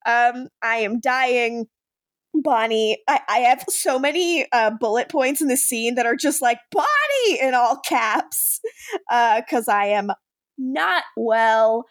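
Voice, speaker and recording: Podcast co-host, woman, high pitch, dry close sound, animated casual recapper. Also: measured pace, no echo. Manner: animated, quotes characters in lively voices. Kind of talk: casual chat recapping a TV episode.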